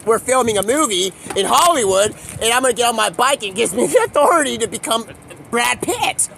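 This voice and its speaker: A man's voice: extremely high pitch, big pitch swings, brisk, vocal fry, fairly bright tone. A man live-streaming outdoors on his phone, talking in a rambling, free-associating monologue that jumps from topic to topic. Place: outdoors on a city street.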